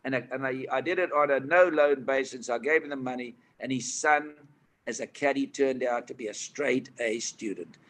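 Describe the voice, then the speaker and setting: An older man from South Africa, a guest telling lively anecdotes in a relaxed chat. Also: mid-range voice, normal speed. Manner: lively anecdotes, animated impressions of others. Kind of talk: storytelling chat.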